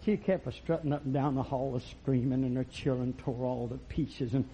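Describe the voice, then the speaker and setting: A man preaching a fiery, folksy sermon that swings from low murmurs to loud shouts. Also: steady tone, moderate pace, a little hiss or hum. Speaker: pastor. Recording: lo-fi recording.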